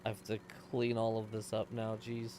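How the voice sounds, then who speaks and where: A man's voice: fairly low pitch, monotone, normal speed, mellow, slight background noise. A man streaming himself playing a game, chatting casually and rambling in answer to his chat. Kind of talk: casual gameplay commentary.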